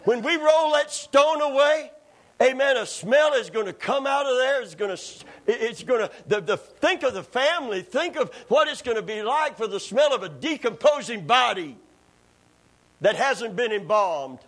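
A man preaching a sermon in a church, calling for amens and rising to shouts. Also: very high-pitched, lively intonation, normal speed. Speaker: pastor. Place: church sanctuary.

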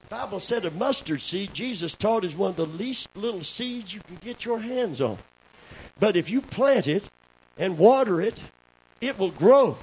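High-voiced preacher with drawl. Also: male voice, low-quality recording. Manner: swings from low conversational asides to loud shouted peaks; calls for amens from the congregation. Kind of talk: sermon. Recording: faint hiss.

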